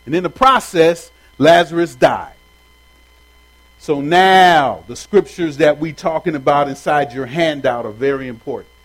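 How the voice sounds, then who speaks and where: A man's voice: on the high side, a little slow, poor audio. A man leading an informal Bible study for a group, talking in a loose, conversational way with slang and asking his listeners questions directly. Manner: chats directly with the audience.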